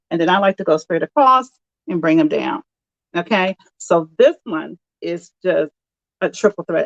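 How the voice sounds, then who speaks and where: A woman's voice: medium pitch, dry recording, muffled recording. A woman giving a chatty, encouraging makeup tutorial over a video call. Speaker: makeup consultant.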